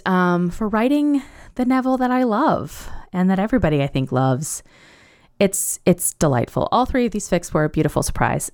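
A woman's voice: sits low, a little mellow, clear, resonant tone. A young adult woman hosting a podcast in a casual monologue, gushing and chatty with a rambling flow. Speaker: podcast host.

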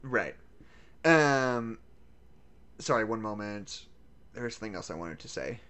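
A woman co-hosting a casual movie chat, animated, laughing often and swearing freely. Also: extremely low pitch, unhurried. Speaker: podcast co-host.

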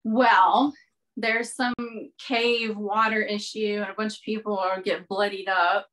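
A woman's voice: mid-range voice, fairly even intonation, a little slow, fairly bright tone, poor audio. A woman co-hosting a podcast, chatting casually and mostly giving short, agreeing replies. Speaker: podcast co-host. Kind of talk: casual chat.

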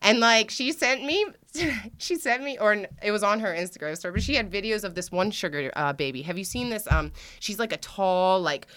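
Bright-voiced woman podcast host. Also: medium pitch, fairly quick, few pauses. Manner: candid, laughing storyteller acting out quotes. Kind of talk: casual chat.

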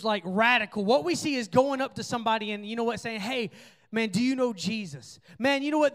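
High-voiced man preaching to students. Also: fairly bright tone. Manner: earnest, conversational preaching with many fillers. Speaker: youth pastor. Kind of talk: sermon.

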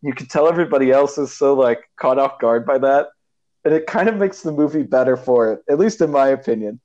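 A man's voice: mid-range voice, brisk, mellow, dull audio. A man co-hosting a casual podcast about a movie, rambling with many fillers and restarts. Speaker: podcast co-host.

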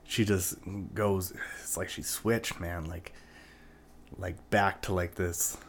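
A man with a fairly low voice tells a personal story in loose, casual speech. He swears freely and keeps reaching for "like" and "right?" as he rambles through it. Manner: rambling and profane, full of "like" and "right?".

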